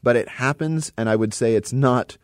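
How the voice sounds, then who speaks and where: A man talking as a podcast guest about his work as a mentalist, in an animated, quick way. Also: medium pitch, clean tone, no echo. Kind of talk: casual conversation.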